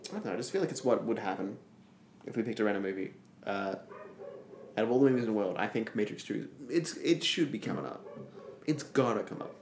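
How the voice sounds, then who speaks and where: A man co-hosting a comedy podcast, joking deadpan and putting on silly voices. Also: fairly low pitch, fast talker. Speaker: podcast co-host. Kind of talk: casual improv comedy banter. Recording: echoey room with faint hum.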